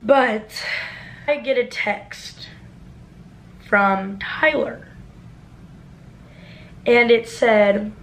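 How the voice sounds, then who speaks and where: A woman's voice: fairly high pitch, a little hiss or hum. A young woman telling a dramatic story in a casual vlog, peppered with "like" and swearing. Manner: casual, rapid, full of "like" and swearing.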